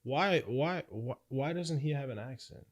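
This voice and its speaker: A man's voice: mid-range voice, lively intonation. Male podcast co-host, mid-range voice, easygoing, agrees a lot. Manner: agreeable, quick to chime in with yeah. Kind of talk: casual chat.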